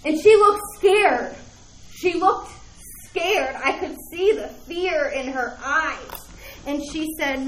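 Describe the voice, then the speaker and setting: A woman's voice: sits high, animated, slow pace, roomy sound, rough recording. A woman speaking at a recovery meeting and telling her personal story in a rambling, earnest way. She keeps checking in with the room by asking "right?".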